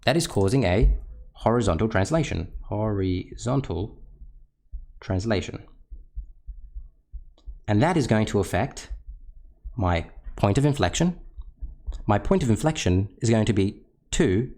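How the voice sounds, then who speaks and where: A man with a fairly low voice walks through a maths lesson on screen, explaining each step patiently. He drops in self-deprecating asides as he sketches on a tablet. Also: sing-song, moderate pace, darkish tone. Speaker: maths teacher.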